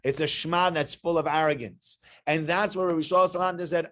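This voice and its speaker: A man, a rabbi giving an animated weekly Torah lecture full of rhetorical questions. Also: on the high side, brisk, hardly any pauses.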